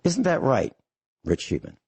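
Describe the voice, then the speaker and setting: A man hosting a radio talk show, speaking steadily and repeating details slowly and carefully. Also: medium pitch, wildly swooping pitch, darkish tone, husky, no room sound.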